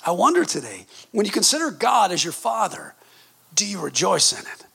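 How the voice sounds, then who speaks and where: Fifties male preacher, high gravelly voice, husky edge, passionate, quiet-to-shouting swings. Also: huge pitch swings, normal speed. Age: 50s. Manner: passionate, swings from low intimate tones to shouted exclamations. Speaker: pastor. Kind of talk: sermon.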